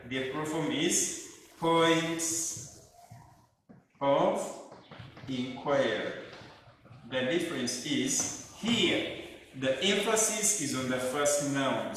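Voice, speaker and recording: Male teacher going over grammar real slow, kinda high voice, echoey hall, a bit far from the mic. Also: a bit bright. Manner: slow, deliberate, spells out letters. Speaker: primary school English teacher. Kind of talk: classroom grammar lesson. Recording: echoey room, distant mic, faint noise.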